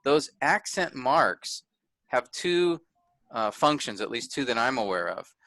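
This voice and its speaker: A man gives an online lesson at an unhurried pace, with a bright, clear tone and a dry, close sound. He explains step by step and keeps checking that everyone can follow. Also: mid-range voice, sing-song, dry recording. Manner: patient, often checks understanding. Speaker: Bible teacher. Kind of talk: online workshop lecture. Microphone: video call.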